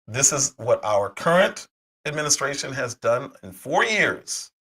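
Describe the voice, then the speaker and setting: A man hosting a political commentary livestream, hoarse from a cold, talking heatedly with rhetorical questions and frequent restarts. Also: mid-range voice, big pitch swings, moderate pace, poor audio. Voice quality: husky. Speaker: livestream host.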